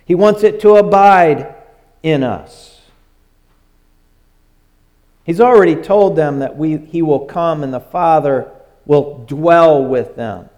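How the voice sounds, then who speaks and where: Slow-preaching older man with a high voice. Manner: slow, repetitive preaching cadence that drops low and soft at phrase ends; self-deprecating and lively when joking with the congregation. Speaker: pastor. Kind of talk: sermon.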